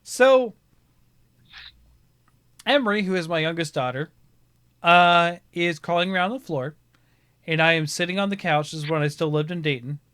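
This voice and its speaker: A man from Ohio, a podcast host, telling stories in casual chat and bursting into loud laughing shouts. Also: on the high side, moderate pace, long pauses, clean tone, no room sound, studio quality. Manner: animated storyteller, swings into loud laughing shouts.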